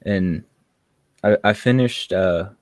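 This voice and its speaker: A man's voice: deep voice, slow pace, no echo. A man guest talking casually on a video call from his car, hesitant and full of ums and likes. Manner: hesitant, many ums and likes, soft laughs. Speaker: guest YouTuber. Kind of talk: casual chat.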